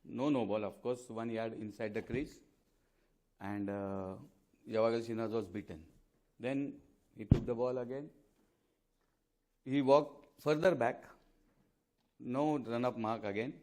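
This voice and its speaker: A man in his fifties from India, a guest speaker and former fast bowler, giving a speech at a club event with earnest, anecdotal storytelling and frequent fillers. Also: medium pitch, darkish tone. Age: 50s.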